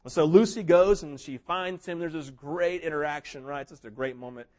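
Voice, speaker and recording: A man preaching a sermon, telling a story with big swings between loud, excited passages and hushed ones, sometimes acting out what characters say. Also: a little high, normal speed. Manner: mimics characters in quoted asides. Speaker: pastor.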